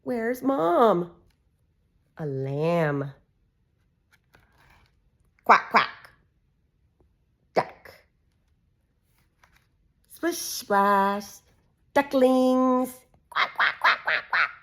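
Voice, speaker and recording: A woman reads a picture book aloud for a little child at a very slow, unhurried pace. Her pitch moves a lot as she makes the animal sounds in a sing-song way. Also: expressive, fairly bright tone. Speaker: reader for a child.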